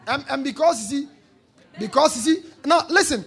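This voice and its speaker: A male pastor preaching a sermon, repeating key lines, prompting the congregation to answer and bursting into shouts on key points. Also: very high voice, big pitch swings, quick pace, breathy edge, a faint crowd.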